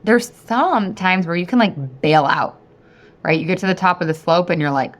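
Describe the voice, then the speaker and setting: A woman in her thirties hosting a podcast, telling a story in a chatty, animated way and often talking straight to her listeners. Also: lowish voice, moderate pace. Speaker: podcast host and weight-loss coach. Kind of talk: casual storytelling monologue.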